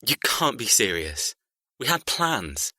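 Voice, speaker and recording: A man plays an agitated brother who presses and pleads, his voice bright and tense. His pitch moves animatedly, and the recording is close and dry. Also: sing-song, slow, dry recording, full character voice. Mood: upset. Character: upset, protective adult brother. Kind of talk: audiobook character reading.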